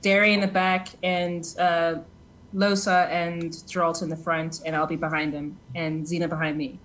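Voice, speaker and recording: A woman playing a tabletop game who gives brisk orders, with fillers. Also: fairly low pitch, flat delivery, a bit bright, a little hiss or hum. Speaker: player.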